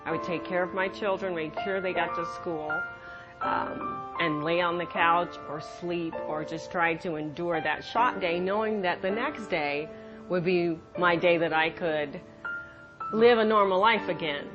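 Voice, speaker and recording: A woman giving an earnest personal testimonial, speaking haltingly with pauses and restarts. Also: lowish voice. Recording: dull lo-fi audio with music underneath.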